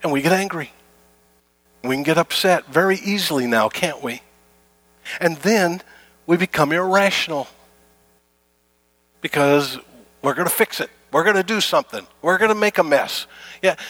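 A middle-aged pastor preaches in a loose, conversational way, circling back to the same phrases and voicing everyday gripes. His voice sits a little high for a man, and the recording is close and dry. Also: moderate pace, pauses often, a bit bright, dry recording. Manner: conversational preaching, repeats phrases, acts out complaints. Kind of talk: sermon.

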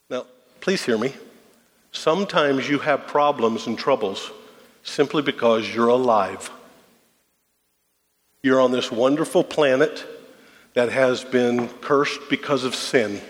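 Folksy man preaching in a reverberant hall. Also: medium pitch. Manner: folksy, conversational, rhetorical questions. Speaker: pastor. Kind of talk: sermon. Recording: long reverb of a large hall.

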